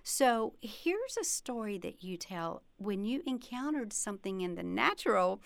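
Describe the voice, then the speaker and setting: A woman's voice: medium pitch, expressive, moderate pace, creaky, no echo. A woman hosting a talk show interview, asking friendly, prompting questions. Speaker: host interviewer.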